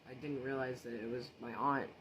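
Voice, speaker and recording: Man, casual social media storyteller, earnest and rattled, mid pitch, steady background noise under the voice. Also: a little fast, poor audio. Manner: earnest, shaken retelling with restarts and repeated phrases.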